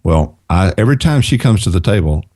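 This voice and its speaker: A man's voice: deep voice, sing-song, a little fast, dark tone, no echo, studio quality. A middle-aged man who is a guest on a podcast, giving earnest advice in casual conversation and repeating phrases for emphasis.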